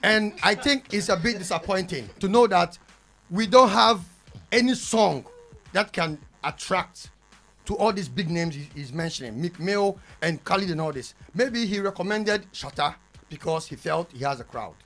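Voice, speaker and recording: A man's voice: sits high, expressive, moderate pace, pushed and bright. A Ghanaian man with a Ghanaian English accent, joking and bantering as a panelist on a radio show, laughing often as he makes his point. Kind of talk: lively studio panel banter. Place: radio studio.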